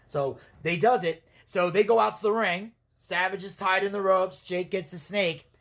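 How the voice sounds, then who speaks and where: A man's voice: high voice, steady tone, moderate pace, a bit bright. A man hosting a casual podcast, telling wrestling stories in a rambling, profane way and laughing as he goes. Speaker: podcast host. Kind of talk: casual storytelling recap.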